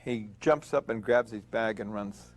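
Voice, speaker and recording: An older man telling a war story as an interviewee, acting out shouted calls as he recalls them. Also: lowish voice, measured pace. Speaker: veteran interviewee. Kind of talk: recounted war memory.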